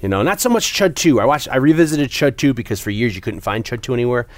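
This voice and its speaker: A man's voice: medium pitch, lively intonation, quick pace, no room sound. A man co-hosting a casual chat, rambling enthusiastically with lots of restarts. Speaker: podcast co-host. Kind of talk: casual chat about horror films.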